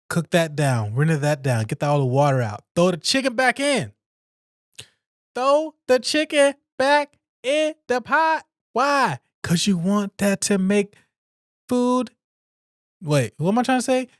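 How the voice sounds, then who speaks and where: A man hosting a casual solo podcast, chatting in a jokey, animated way and answering his own questions. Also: a little high, no echo, studio quality. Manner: animated, jokey, talks to himself. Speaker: podcast host.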